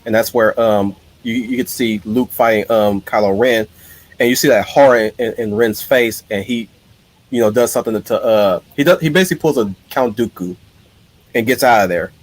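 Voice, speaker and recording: A man's voice: on the low side, moderate pace. Rambling man hosting a live stream. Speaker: streamer host. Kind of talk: casual live-stream chat.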